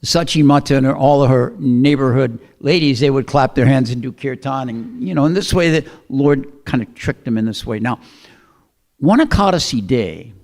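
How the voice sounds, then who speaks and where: A man giving a storytelling sermon in a relaxed, conversational way, with fillers and throat clearing. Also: mid-range voice, moderate pace. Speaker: speaker giving a scripture talk.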